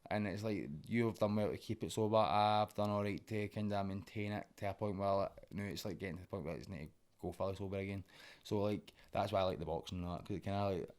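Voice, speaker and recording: A man's voice: on the low side, fairly even intonation, quick pace, a little mellow. A young man with a Glaswegian accent, a guest in a casual podcast conversation, rambling and swearing as he talks. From Scotland.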